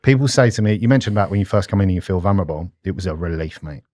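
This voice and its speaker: A man's voice: deep voice, lively intonation, rapid-fire, mellow, dry recording, studio quality. A British man in his thirties, a podcast guest talking bluntly and candidly in conversation. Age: 30s. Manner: blunt and candid, often says mate.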